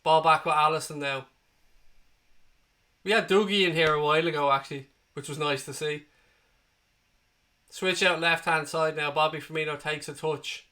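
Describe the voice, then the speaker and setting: A man hosting a live football watchalong, calling the play and chatting with viewers, excitable and prone to swearing as he cheers. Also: a little high, moderate pace, pauses often. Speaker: watchalong host. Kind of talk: live match commentary and chat. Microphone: desk microphone.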